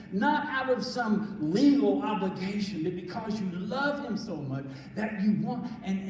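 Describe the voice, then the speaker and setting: A man with a high voice preaches a sermon, earnest and conversational, and often restarts his sentences. He sounds distant, recorded from far across a church sanctuary. A long reverb and a faint hiss of room noise hang around his words. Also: darkish tone. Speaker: pastor. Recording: echoey hall from far off.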